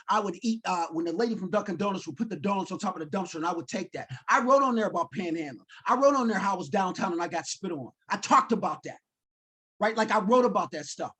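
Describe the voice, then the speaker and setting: A man's voice: high voice, breathy edge. A man in his forties, telling his life story in a keynote talk and acting out his own lines. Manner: animated storyteller, acts out his own quotes. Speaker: keynote speaker.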